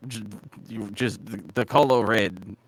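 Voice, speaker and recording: A man playing in a tabletop game, chatting casually with halting, giggly delivery. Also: on the low side, dry recording, low-quality recording. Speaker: player.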